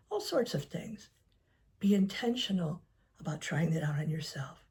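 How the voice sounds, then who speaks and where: A woman counselor giving gentle advice to camera, soft-spoken and often dropping to a near whisper. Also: deep voice, expressive, moderate pace. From United States. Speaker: licensed professional counselor. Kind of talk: calm advice talk to camera.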